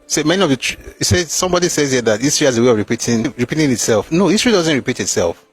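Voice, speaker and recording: A man's voice: medium pitch, animated, rapid-fire, husky, no room sound, soft background music. A man reading passages from a war memoir aloud and breaking off with mocking, emphatic asides.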